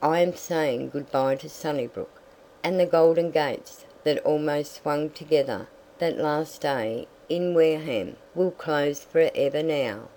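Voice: medium pitch, unhurried, a little mellow, a little hiss or hum, lightly acted, low-quality recording. A reader voicing an emotional young woman character in an audiobook, speaking in a pleading, tearful way. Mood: wistful. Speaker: story character. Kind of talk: audiobook reading.

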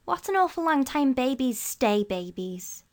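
A woman's voice: high-pitched, very animated, measured pace, pitched above the performer's own voice, full character voice. A woman reading aloud and voicing a crafty, impatient young boy in a storybook. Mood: eager. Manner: eager and impatient.

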